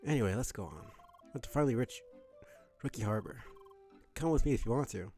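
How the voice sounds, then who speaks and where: A man's voice: medium pitch, lively intonation, fast talker, a little mellow, soft background music, close to an everyday voice. A man voicing a sassy young woman with a weak put-on French accent in a game dub. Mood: brisk.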